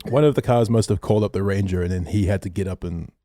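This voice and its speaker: A man's voice: low voice, quick pace, dry recording, studio quality. A young man on a podcast, telling a story casually and swearing often. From Australia. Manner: animated storyteller, swears a lot. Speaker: podcast co-host.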